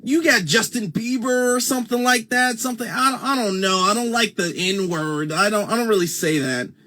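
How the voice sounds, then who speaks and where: A man's voice: high-pitched, normal speed, sharp tone, pitched above the performer's own voice. A man putting on a stilted, overly careful voice that speaks in fussy, hesitant, precise diction. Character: man in a stilted, prim "proper" voice.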